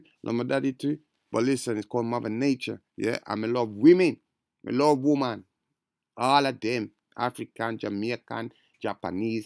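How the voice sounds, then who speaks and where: A man's voice: mid-range voice, gravelly, darkish tone, no room sound, studio quality. A man giving rambling, slangy commentary on an interview clip, calling his listeners bro and family. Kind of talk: casual reaction commentary.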